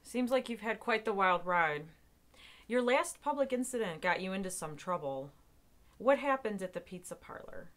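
An actress playing a deadpan entertainment reporter who narrates and interviews in a mockumentary. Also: female voice, medium pitch, moderate pace, natural voice. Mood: dry. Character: female entertainment reporter, dry and exasperated. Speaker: documentary interviewer.

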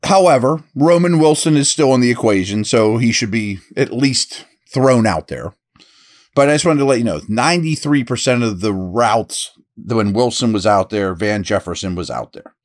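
Man talking football roster picks casually. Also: medium pitch. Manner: casual, conversational, thinking aloud with restarts; upbeat read of a sponsor ad. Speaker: podcast host and football scout. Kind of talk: solo sports analysis podcast.

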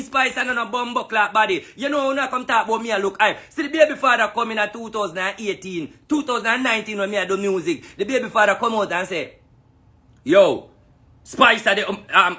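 Brief: a Jamaican man with a very bright, piercing voice, ranting profanely at his critics. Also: very high-pitched. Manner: heated, profane, repetitive taunting in patois. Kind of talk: angry ranting monologue.

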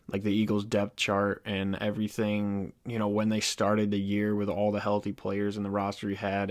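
A man's voice: fairly low pitch, dry recording, studio quality. A man talking casually to his viewers as a sports fan vlogger, candid and self-deprecating. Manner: conversational, addressing viewers directly. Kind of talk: casual talk to camera.

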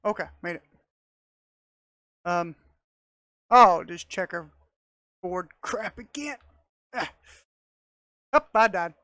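A woman giving casual, excitable commentary as she plays a video game, talking to herself and laughing often, recorded on a close mic. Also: mid-range voice, slow, long pauses, no room sound. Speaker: gamer.

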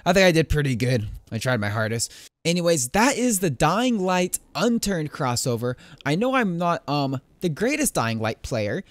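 A man's voice: fairly high pitch, very animated, measured pace. A young man giving casual, playful commentary while playing a game and talking to the enemies he fights. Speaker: gaming YouTuber.

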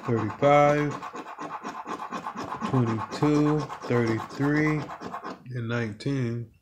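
A man co-hosting a lottery video, calmly reading out numbers one by one. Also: medium pitch. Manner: calm, reads numbers slowly one by one. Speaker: channel co-host. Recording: clear background noise.

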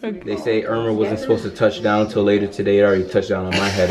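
A man's voice: fairly low pitch, quick pace. A man joking and laughing with his family while filming a casual chat. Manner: joking, lively, laughs often. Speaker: family member. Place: family home during hurricane evacuation. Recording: loud crowd chatter behind.

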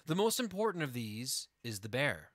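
A man's voice: mid-range voice, very animated, normal speed, fairly bright tone, no room sound, studio quality. A man hosting a casual gaming livestream, rambling through a goofy story with laughs. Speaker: livestream host. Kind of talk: casual gaming stream chat.

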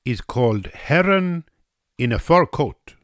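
A blunt, hospitable Russian hostess, put on by a man, speaking in slow, broken English. The pitch swoops, up and down, and the delivery is unhurried and low, with a close, dry sound. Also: animated, fairly bright tone, no room sound. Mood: declaring.

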